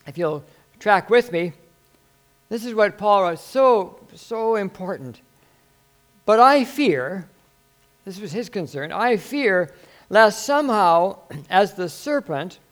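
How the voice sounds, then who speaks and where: An older man preaching a sermon as pastor, folksy and rambling, with self-deprecating humor. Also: fairly high pitch.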